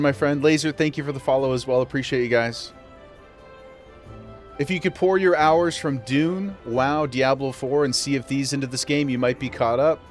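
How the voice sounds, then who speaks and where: A man chatting live on a game stream, in a playful and easygoing way. He laughs often and talks straight to his viewers in a mid-range voice. Soft music plays faintly behind him. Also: mid-range voice. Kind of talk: casual live-stream chat while gaming.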